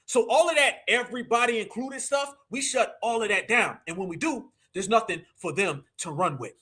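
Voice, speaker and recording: Male stream host, very high voice with a sharp edge, mocking and preachy, breaks into shouts. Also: normal speed, breathy edge. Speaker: livestream host. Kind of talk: live commentary stream.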